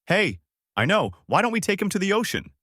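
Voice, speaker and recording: A man's voice: high voice, big pitch swings, a little fast, a bit bright, slightly rough, dry recording, clean studio sound, voice pushed up, exaggerated voice. A man voicing a cheerful, naive young male martial artist in a fan-made story reading. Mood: eager. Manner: eager and blunt.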